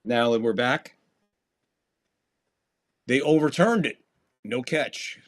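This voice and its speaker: Man, podcast host, casual football play-by-play, profane, exasperated asides, mid-pitched voice. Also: slow pace. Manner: profane, exasperated rants between play calls. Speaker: podcast host doing live game commentary. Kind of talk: casual live sports commentary.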